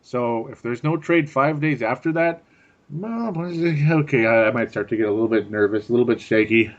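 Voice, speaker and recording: A man's voice: mid-range voice, moderate pace, a little hiss or hum. A man co-hosting a podcast in casual sports chat, chatty and laughing often, repeating words for effect. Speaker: podcast co-host. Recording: dull lo-fi audio.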